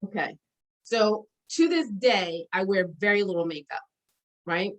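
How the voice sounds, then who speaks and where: A woman in her forties, a guest sharing memories, tells old stories in casual conversation, animated and often laughing, with many fillers. Her voice is medium-pitched and unhurried, and the recording is rough.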